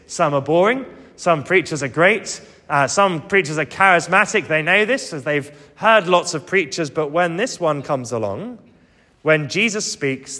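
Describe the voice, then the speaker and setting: A man's voice: on the high side, bright, forceful tone, big-room sound. A man preaching a sermon, earnest and emphatic, coming back to key phrases again and again.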